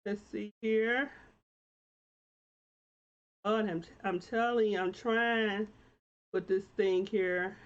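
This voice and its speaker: A woman's voice: medium pitch, steady tone, slow pace, pauses often, highs cut off. A woman hosting her own live-stream talk show, greeting viewers by name and encouraging them in a preacher-like way. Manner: warm encouraging, churchy preacher-like exhortation.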